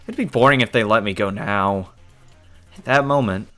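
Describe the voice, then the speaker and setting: A man's voice: on the low side, animated, normal speed, fairly bright tone, soft background music. A man reading a visual novel aloud in the first person, with casual asides full of swearing. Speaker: game reader.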